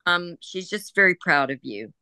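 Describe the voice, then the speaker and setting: A woman working as a psychic medium in a group reading, chatting casually, laughing and passing on messages in quick, informal speech. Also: fairly low pitch, expressive, pushed and bright, clear, resonant tone, dry recording. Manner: chatty, laughing, relays messages in quoted voices.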